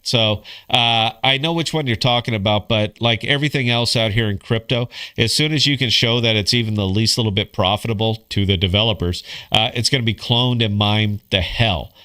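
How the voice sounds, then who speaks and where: A man's voice: mid-range voice, sharp tone, clear, resonant tone. A middle-aged man hosting a casual livestream podcast, laid-back and swearing, calling people bro and dude. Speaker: podcast host.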